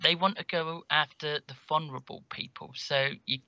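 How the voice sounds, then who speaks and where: A man co-hosting a call-in show, his voice gravelly and very bright. He speaks calmly and evenly, on a dull, dry lo-fi recording. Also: fairly high pitch, normal speed, no room sound.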